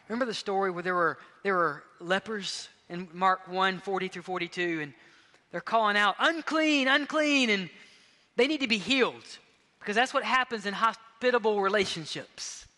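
A man preaching from a pulpit with a high, bright, ringing voice. He moves between forceful emphatic lines and soft, hushed ones, and his words trail off into the long reverb of a big church hall. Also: moderate pace. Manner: impassioned, swinging between loud emphatic bursts and hushed intimate passages. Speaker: pastor. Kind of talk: sermon. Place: church sanctuary.

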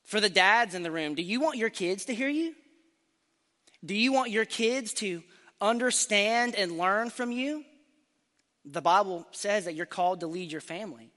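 A man preaching a sermon to a congregation, earnest and emphatic, slowing down to stress key phrases. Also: high voice, expressive, sharp tone. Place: church sanctuary. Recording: church hall reverb.

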